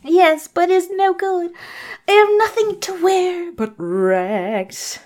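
A woman voicing a lonely, tearful young Cinderella in a high, plaintive voice while casually reading a storybook aloud. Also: lively intonation, takes it slowly, a little mellow, full character voice.

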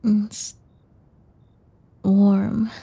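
A woman's voice: medium pitch, flat delivery, drawn-out words, gravelly, warm tone, slightly rough, full character voice. A young woman voicing a shy, nervous young woman in an audio role-play, talking hesitantly and stumbling over her words with many restarts.

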